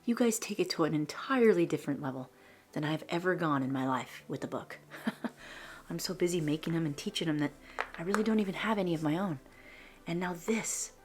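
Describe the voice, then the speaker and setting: A woman hosting a crafting vlog, gushing over a scrapbook and often dropping into a breathy whisper. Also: lowish voice, expressive, brisk, darkish tone. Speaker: scrapbooking channel host. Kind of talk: flip-through show-and-tell vlog.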